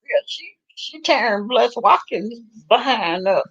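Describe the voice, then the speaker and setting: Animated woman gossiping on lo-fi audio. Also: a little high, unhurried, slightly rough. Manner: laughing, gossipy reactions to a livestream. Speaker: host. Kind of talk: casual chat.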